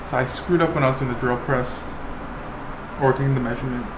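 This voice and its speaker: A man's voice: mid-range voice, steady tone, quick pace, background noise. A man vlogging casually about a DIY project in his home workshop, talking with lots of fillers and restarts. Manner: chatty, filler-heavy, restarts often. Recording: roomy workshop, music playing underneath.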